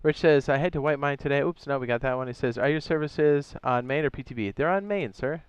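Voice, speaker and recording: A man hosts a casual game live stream. His voice is smooth and resonant, and the recording is close and dry. He chats easily, reads out viewer messages and often stops to correct himself. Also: a little high, a little fast, no echo, highs cut off. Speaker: streamer and server host.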